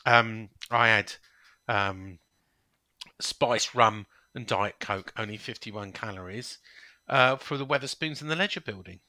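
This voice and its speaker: A man's voice: lowish voice, slow, long pauses, sharp tone, dry recording. A man co-hosting a casual football chat, telling playful anecdotes. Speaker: podcast co-host.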